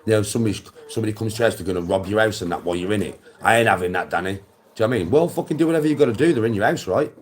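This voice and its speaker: Rapid-fire and lowish in pitch, the voice belongs to a middle-aged English-accented man hosting a live stream. He lectures the viewer head-on in a coarse, blunt, swearing monologue, answering chat as he goes.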